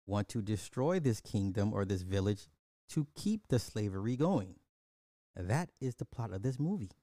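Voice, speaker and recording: A man giving a blunt, animated movie review in casual chat, talking straight to his viewers. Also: lowish voice, dry recording, clean studio sound.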